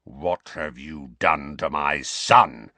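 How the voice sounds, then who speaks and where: A man's voice: mid-range voice, wildly swooping pitch, moderate pace, pushed and bright, husky, dry recording, pitched above the performer's own voice, exaggerated voice. A man voicing a blustering, hot-tempered middle-aged man who growls and bellows, in an audiobook. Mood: bellowing rage.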